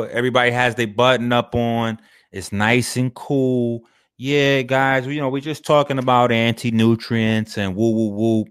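A man's voice: medium pitch, clean tone. A man hosting a video, giving casual commentary on clips in an emphatic, slangy, profane way and repeating his phrases for effect. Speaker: video host.

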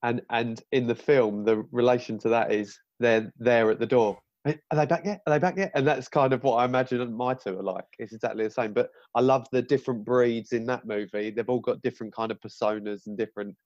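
A man's voice: mid-range voice, fairly even intonation, a little fast, hardly any pauses, darkish tone, dry recording, lo-fi sound. A man in his thirties, a guest on a casual podcast, talking in a thoughtful, easygoing way.

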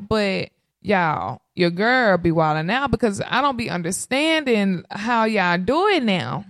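A woman, casually telling viewers her birth story in an animated way, often calling out to them. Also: fairly high pitch, moderate pace, no echo, studio quality. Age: 30s. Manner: animated, addresses audience as y'all. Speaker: mother sharing birth story.

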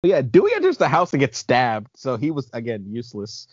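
A man's voice: mid-range voice, huge pitch swings, brisk, no echo, lo-fi sound. Laughing man recapping a film. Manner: laughs often while recapping, enthusiastic. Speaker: podcast host. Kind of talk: casual movie-recap chat.

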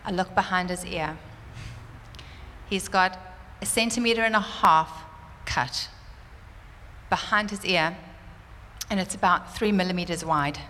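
A woman telling a church congregation a personal testimony, animated and fervent, laughing often. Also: lowish voice, slight background noise. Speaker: church speaker sharing a testimony. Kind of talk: sermon testimony. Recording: roomy church hall reverb, faint ambience.

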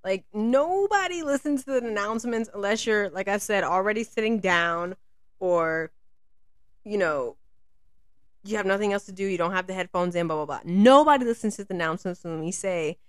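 A woman's voice: mid-range voice, expressive, normal speed, dry recording, studio quality. An American woman, a flight attendant, chatting casually and venting about passengers, often laughing and mimicking them. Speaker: podcast host, flight attendant. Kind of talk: casual chat, ranting.

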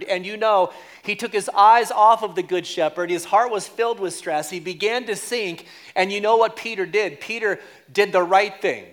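A pastor preaching a lively sermon, joking with the congregation and repeating key lines for emphasis. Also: male voice, high-pitched.

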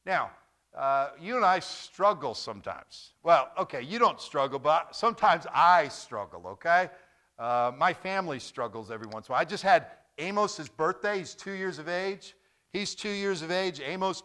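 A man preaching a sermon as pastor, with lively, repetitive delivery and joking stories. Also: high-pitched.

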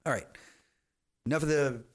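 A man hosting a casual gaming podcast, excitable, laughing often and swearing freely. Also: medium pitch, moderate pace. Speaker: podcast host.

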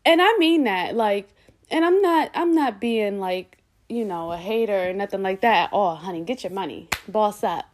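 A woman's voice: mid-range voice, normal speed. A woman hosting her own podcast in a casual solo monologue, talking candidly with plenty of slang and cursing, and slipping into voices when she quotes people. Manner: animated, slips into voices when quoting people. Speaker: podcast host.

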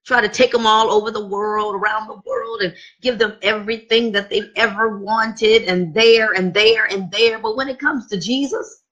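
A woman's voice: medium pitch, steady tone, normal speed, a bit bright, highs cut off. A woman preacher delivering a sermon, emphatic and driving home point after point with repeated rhetorical questions.

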